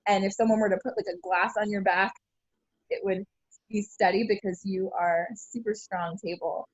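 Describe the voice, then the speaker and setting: A woman's voice: mid-range voice, a little mellow, husky, no room sound. Cheerful woman teaching kids yoga over a video call, dry close sound. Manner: upbeat, encouraging, laughs often. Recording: dull lo-fi video call audio.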